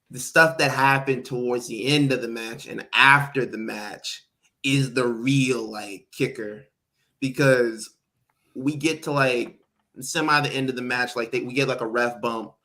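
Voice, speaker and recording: A man's voice: mid-range voice, takes it slowly. A man co-hosting a podcast in casual chat, animatedly recapping a wrestling match and acting out what people said. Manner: animated recapping, acts out quotes. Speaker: podcast co-host.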